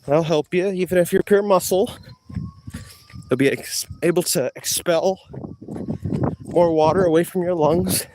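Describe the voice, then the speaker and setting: A man's voice: high voice, steady tone, measured pace, long pauses, darkish tone, slight background noise. A man rambling and trash-talking in a joking way during a live stream outdoors. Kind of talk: rambling live-stream chat while jogging.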